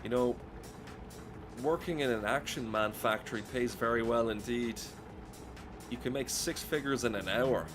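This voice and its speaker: A man's voice: mid-range voice, normal speed, long pauses, music in the background. Irish man ranting while gaming. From Ireland. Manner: ranting, profane, rambling. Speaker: streamer. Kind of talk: casual gameplay commentary. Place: at home.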